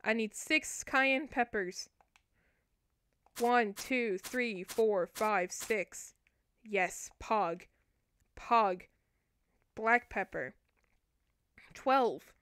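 A woman's voice: fairly high pitch, very slow, pauses often, a bit bright, clean tone, dry recording, low-quality recording. A young woman casually commentating on a cooking game she is streaming, talking playfully to her viewers as she plays.

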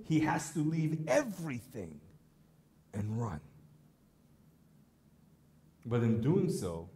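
A man preaching a sermon as pastor, telling stories in a relaxed, conversational way. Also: mid-range voice. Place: church. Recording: echoey church hall.

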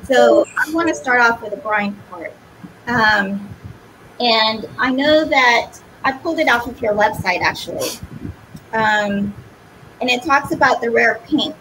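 A chatty woman co-hosting a casual interview in a fairly high voice. She stumbles a little when she reads a passage aloud, with plain background noise under her. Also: a little slow. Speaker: co-host.

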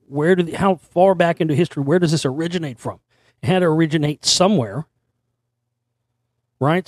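A man with a hoarse voice hosting a show and rambling through a monologue, restarting and repeating words as he goes. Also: a little high, darkish tone, no room sound, clean studio sound. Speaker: host. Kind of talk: monologue to camera.

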